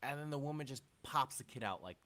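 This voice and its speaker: A man's voice: mid-range voice, lively intonation, fast, background noise. A man co-hosting a podcast, chatting and laughing in crude banter. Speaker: podcast co-host. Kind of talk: comedic banter.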